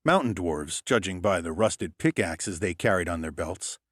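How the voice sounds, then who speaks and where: Man, lowish voice, scripted first-person narration, wry and hardboiled, dry recording. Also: expressive, moderate pace, a bit bright, dry recording. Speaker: audiobook narrator.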